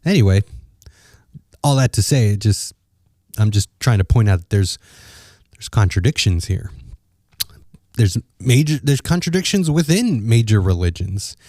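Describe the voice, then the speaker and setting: A male podcast host talks through his opinions in an unhurried, conversational way, often restarting phrases as he thinks. His voice is low and mellow, recorded dry and close. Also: lively intonation, no room sound.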